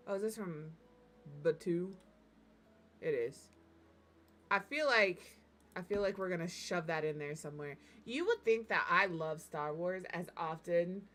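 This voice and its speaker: A woman streaming as she builds in a game, talking in a relaxed, chatty way and giggling through her stories. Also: fairly low pitch. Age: adult parent. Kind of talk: casual chat while building in a game.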